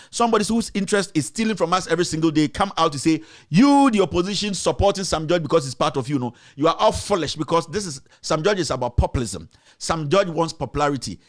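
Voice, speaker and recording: A man with a Ghanaian accent, delivering a combative, repetitive political rant as a commentator. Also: a little high.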